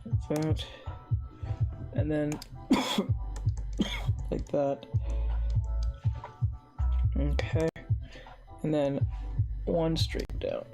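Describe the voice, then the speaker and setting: A man's voice: on the high side, little pitch movement, very slow, creaky, long pauses, mellow, soft background music. A young man with a stuffy, congested voice, rambling to himself as he talks viewers through a live drawing tutorial. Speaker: digital art streamer.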